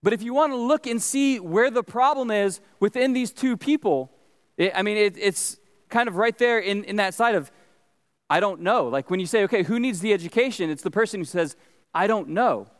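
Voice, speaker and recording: A man's voice: high voice, fairly quick. A man preaching a sermon as pastor, earnest and conversational, often restarting his words. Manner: earnest, conversational, frequent restarts and stammered repeats. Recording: long reverb of a large hall.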